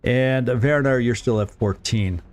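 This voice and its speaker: A man's voice: medium pitch, a little slow, soft background music. Chatty man streaming a strategy game. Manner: chatty, chuckles often, repeats words while thinking aloud. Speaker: gaming streamer. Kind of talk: casual let's-play commentary.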